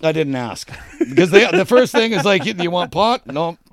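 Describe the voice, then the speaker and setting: A man's voice: sits high, very animated, moderate pace, dry recording, clean studio sound. A middle-aged man telling a rambling, profane story in a casual podcast chat, laughing often. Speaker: podcast co-host.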